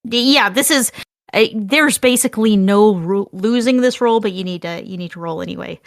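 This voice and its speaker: A woman's voice: medium pitch, normal speed, no echo, clean studio sound. A woman running a tabletop game as game master, laying out options step by step in an upbeat way.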